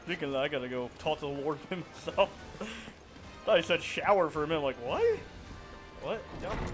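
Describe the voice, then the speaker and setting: A man's voice: fairly high pitch, expressive, brisk, pushed and bright, soft background music. A young man streaming a game, chatting casually with profane, laughing commentary.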